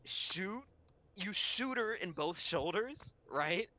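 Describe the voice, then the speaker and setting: A man narrating a tabletop game as game master, animated and rambling with fillers. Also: sits high, slow, dry recording, highs cut off.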